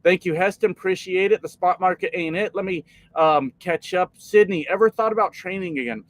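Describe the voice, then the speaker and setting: Trucker streamer, male, about forty, slightly high-pitched; loose, profane, rambling talk to chat. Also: brisk, no room sound, rough recording. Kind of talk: casual live stream chat.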